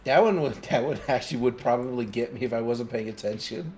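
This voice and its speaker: A man's voice: mid-range voice, fairly quick, darkish tone, faint music behind. A man streaming a game live, chatting casually with friends and his chat in a playful, teasing way.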